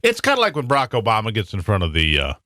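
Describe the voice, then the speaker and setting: A man's voice: on the low side, wildly swooping pitch, racing, sharp tone, no echo, studio quality. An American man hosting a talk radio show in a rambling monologue with frequent restarts. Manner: rambling, with many restarts and fillers.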